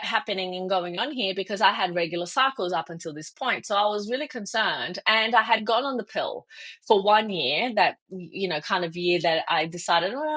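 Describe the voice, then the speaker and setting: Middle-aged woman guest telling a story, lively, acts out the people in it, laughs a lot. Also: mid-range voice, slightly rough. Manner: animated, acts out quoted dialogue with laughs. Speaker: guest, fertility expert. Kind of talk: storytelling in an interview.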